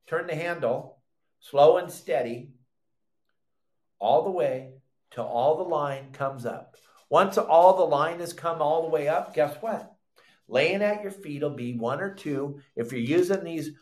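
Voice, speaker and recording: An older man hosting a live fishing show, teaching in an animated, loud way with surfer slang. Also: on the high side, roomy sound. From Southern California.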